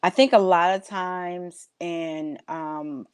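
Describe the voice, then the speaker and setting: Woman guest, lowish voice, lively storyteller, does little voices of her friends. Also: slow, clean tone, no room sound. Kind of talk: casual heartfelt chat.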